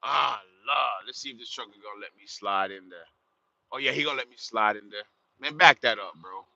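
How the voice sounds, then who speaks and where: A man who drives a truck, talking bluntly and casually in a streetwise way, swearing freely as he films from the cab on the highway. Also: a little fast, creaky, sharp tone. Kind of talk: casual vlog while driving. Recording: dull lo-fi sound.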